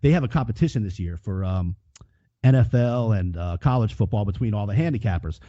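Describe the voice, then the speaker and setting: A podcast co-host with a low, warm, animated voice talks fairly fast about sports bets in a casual way. He's profane and rambling with frequent restarts, and the recording is dull, lo-fi and free of room sound.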